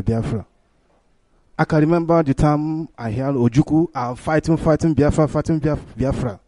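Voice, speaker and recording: A man's voice: fairly high pitch, dark tone, no room sound. A man from Imo State with a Nigerian accent, calling in to a radio meeting and speaking in earnest, broken English. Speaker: caller.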